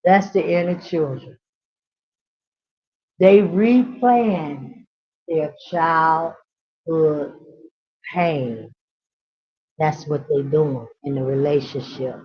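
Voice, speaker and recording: Slow, emphatic woman teaching. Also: sits low, muffled recording. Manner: repetitive, emphatic, preacher-like build-ups; casual colloquial grammar. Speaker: inner child healing speaker. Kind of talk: impassioned teaching monologue.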